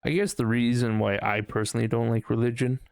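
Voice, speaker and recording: Male podcast host, gravelly voice, dry close sound, loose, profane, rambling solo chat. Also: mid-range voice, little pitch movement, fast talker, dry recording. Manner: rambling, profane, unsure musing. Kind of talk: casual solo podcast monologue.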